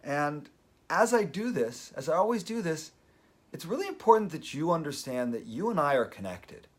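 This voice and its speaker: A man's voice: fairly high pitch, sing-song, moderate pace. A man hosting a daily live video, talking earnestly and openly emotional as he gives motivational advice. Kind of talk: motivational live-stream talk.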